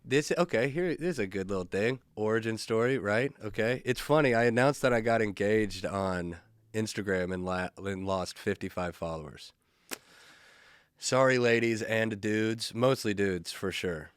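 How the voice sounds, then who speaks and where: A male comedian hosts his solo podcast with a fairly low voice, rambling loosely through stories. He swears casually and pokes fun at himself. The recording is close and dry. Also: normal speed, smooth, no echo. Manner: laid-back, rambling, profane, self-mocking.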